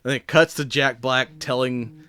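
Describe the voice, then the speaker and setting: A man in casual podcast chat tells a movie plot with gusto, cursing freely and jumping into quick impressions of the characters. His voice sits in a middle pitch. The sound is dry and close to the mic. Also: smooth, no room sound. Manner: animated storyteller, swears a lot, acts out movie lines. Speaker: podcast co-host.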